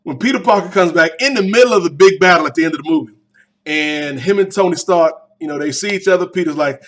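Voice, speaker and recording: A young man hosting a podcast, giving a casual, animated movie reaction with slangy asides. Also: fairly high pitch, quick pace. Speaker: podcast host.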